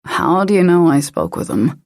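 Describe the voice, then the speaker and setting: A woman narrator voicing a calm male investigator who asks patient, coaxing questions. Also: fairly low pitch, normal speed, vocal fry, no room sound, studio quality. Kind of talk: audiobook character voice.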